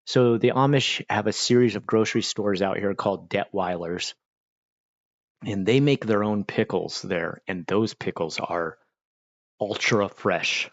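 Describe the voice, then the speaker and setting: A man's voice: fairly low pitch, unhurried, dry recording, dull audio. A man from Pennsylvania hosting a casual livestream, rambling and chatting while he eats. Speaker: livestream host.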